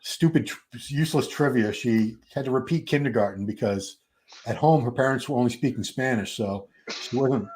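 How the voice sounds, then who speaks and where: A man's voice: mid-range voice, normal speed, a little mellow. A man in his fifties hosting a live watch party stream, chatting casually, restarting his sentences and talking to the chat. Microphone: streaming setup.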